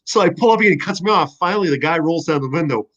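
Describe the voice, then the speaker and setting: Animated, profane man telling stories. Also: a little high, fast, dull audio. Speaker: guest, former football player. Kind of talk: casual podcast chat.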